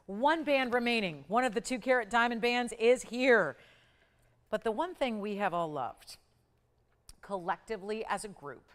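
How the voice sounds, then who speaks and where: Upbeat woman hosting a sales show. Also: medium pitch. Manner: upbeat, salesy, rapid price countdowns. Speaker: shopping channel host. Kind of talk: live TV sales pitch. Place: TV studio.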